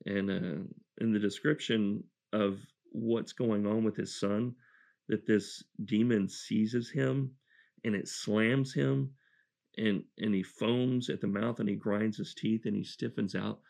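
Earnest man preaching, low and gravelly. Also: steady tone, takes it slowly, a little mellow. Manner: earnest and reflective, with restarts. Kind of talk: sermon, verse-by-verse Bible teaching.

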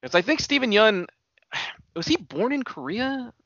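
A man chats casually on a podcast, sharing trivia about a film. His voice is bright, with an animated, lively pitch. The recording is dry and slightly dull. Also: unhurried, gravelly, dry recording. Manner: chatty, sharing behind-the-scenes trivia. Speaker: podcast co-host. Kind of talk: casual movie chat.

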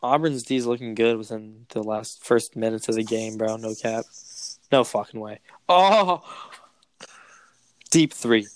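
A young man co-hosting a podcast, chatting casually and excitedly about a basketball game, slangy and swearing freely. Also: on the low side, unhurried, long pauses, no echo. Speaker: podcast co-host. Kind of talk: casual sports chat.

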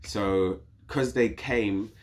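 A man with a British accent, a podcast guest telling a story in casual conversation, slangy and animated. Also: fairly low pitch, drawn-out words. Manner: animated, slangy, acts out quoted voices.

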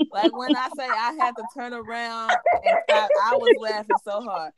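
A woman's voice: on the high side, very animated, measured pace, over a noisy crowd. A woman in casual chat, telling a customer story and laughing hard at it.

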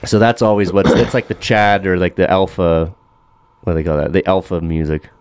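A man's voice: sits low, steady tone, brisk, a little mellow, clear, resonant tone, dry recording. A man co-hosting a casual podcast chat, sarcastic and profane, mocking what he sees online. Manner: sarcastic, swears a lot, mocks with put-on voices. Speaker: podcast co-host.

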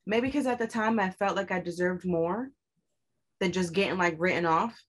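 A woman's voice: fairly low pitch, normal speed. Blunt, profane young woman telling a story. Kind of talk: candid conversational storytelling.

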